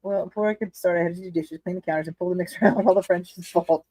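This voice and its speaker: A woman's voice: on the low side, fairly even intonation, fast talker, mellow, no echo, low-quality recording. A woman hosting a casual livestream from her living room, chatting candidly with viewers, laughing often and swearing freely. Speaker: livestream host reading chat. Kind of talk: casual chat.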